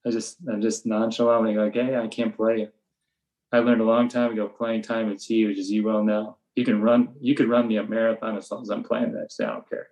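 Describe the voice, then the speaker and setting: An older man, a veteran baseball coach, speaks in a low and fairly flat voice. His manner is plain and matter-of-fact as he explains his drills. Every so often he acts out the blunt words he gives his players. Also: a little fast, few pauses, rough recording. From USA. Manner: flat, matter-of-fact storytelling, acting out his own sharp coaching lines. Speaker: high school baseball coach. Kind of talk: relaxed podcast interview.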